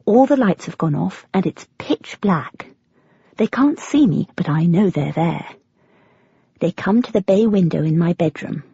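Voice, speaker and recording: British woman narrator, first-person audiobook, husky edge, lo-fi dry recording. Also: lowish voice, unhurried, no echo. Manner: expressive, with breathless, flustered quoted speech.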